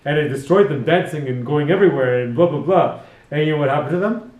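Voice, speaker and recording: A man's voice: fairly high pitch, quick pace, a little mellow, highs cut off. Chatty male hairdresser, echoey salon. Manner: chatty storyteller, laughs often, full of asides. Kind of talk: casual chat while cutting hair. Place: hair salon.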